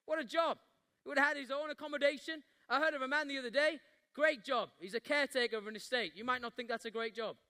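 A man preaches a passionate sermon, his voice sitting high and ringing bright. He acts out the Bible story with swelling intensity, then leads the room in prayer. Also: quick pace. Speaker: pastor.

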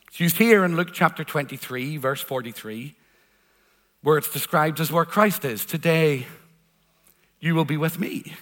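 High, bright-voiced preacher in a reverberant hall. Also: male voice. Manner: earnest, emphatic, repeats phrases for weight. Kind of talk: sermon.

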